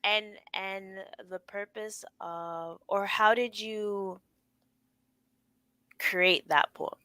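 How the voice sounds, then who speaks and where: Bright, dry-sounding woman host. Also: medium pitch, drawn-out words, smooth, no echo. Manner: enthusiastic, with lively exclamations and playful put-on voices. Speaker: podcast host. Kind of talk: casual interview chat.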